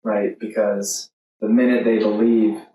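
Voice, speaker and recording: A man of middle pitch co-hosts a podcast, picking his words haltingly with plenty of fillers. He sits far from the mic in a very echoey room with faint noise behind. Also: little pitch movement, dark tone. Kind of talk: casual podcast conversation.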